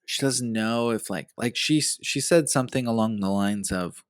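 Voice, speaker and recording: A man's voice: mid-range voice, moderate pace, clear, resonant tone, no echo. A male podcast host giving a casual, earnest, rambling recap of a reality show episode.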